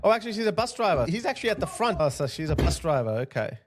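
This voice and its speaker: A man's voice: sits high, sing-song, racing, heavy background noise. A man hosting a video, giving indignant reaction commentary on clips, with laughing asides. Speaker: YouTube commentator host.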